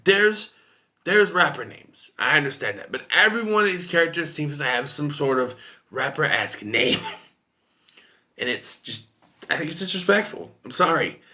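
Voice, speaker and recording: A man's voice: on the high side, animated, moderate pace, bright, forceful tone. A man giving a casual, rambling and opinionated film review to camera.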